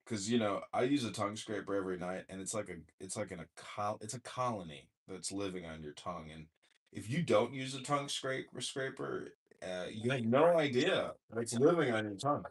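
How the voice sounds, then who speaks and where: A man with a fairly low voice holds forth in a casual online chat, blunt and crude. He swears freely and rants at length. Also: lively intonation, brisk. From Chicago area, US. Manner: blunt, profane, ranting. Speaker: podcast host and mayoral candidate. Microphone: online voice chat room.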